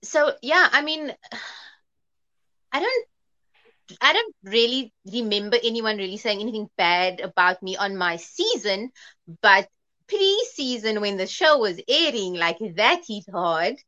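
A woman's voice: mid-range voice, very animated, unhurried, pushed and bright, muffled recording. A woman from South Africa, a former contestant chatting casually as a podcast guest over a video call, easygoing and heavy on "like". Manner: easygoing, lots of "like" fillers.

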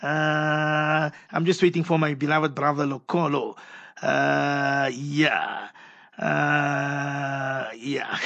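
A man's voice: fairly high pitch, little pitch movement, extremely slow, creaky, a bit bright. A man hosting a religious radio call-in show, reading out listener messages with pious, affectionate blessings.

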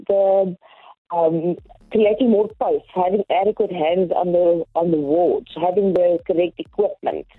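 A woman, a nursing lecturer, speaking in a measured, thoughtful way with frequent pauses as a phone-in guest on a morning radio show. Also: mid-range voice, breathy edge, no echo. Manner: measured, thoughtful, many ums. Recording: tinny phone line.

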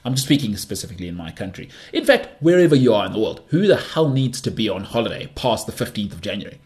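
A man's voice: medium pitch, very animated, fast talker, few pauses, a little mellow. A man hosting his own podcast in a casual solo monologue, rambling and opinionated, often restarting words with a stammer and slipping into sarcastic teasing. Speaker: podcast host.

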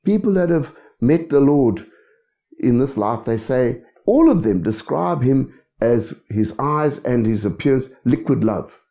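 A man's voice: medium pitch, expressive, unhurried, dark tone. A man preaching a sermon, who keeps checking in with his congregation. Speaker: pastor. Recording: dull lo-fi recording.

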